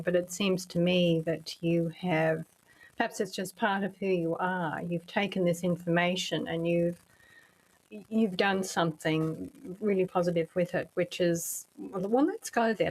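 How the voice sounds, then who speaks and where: Woman, podcast host, interviewer, encouraging, affirming, lowish voice. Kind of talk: interview conversation.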